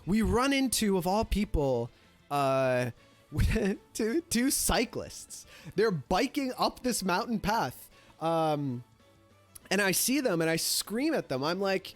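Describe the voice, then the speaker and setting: A man casually telling a story, animated and profane, filling his talk with "like". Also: high voice, slow pace, soft background music. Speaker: streamer.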